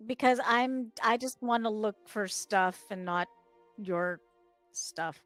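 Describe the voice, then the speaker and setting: A woman's voice: mid-range voice, a bit bright, no echo, faint music behind. Woman playing a tabletop game. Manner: laughing, quick to joke. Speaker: player. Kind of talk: casual chat at a tabletop game.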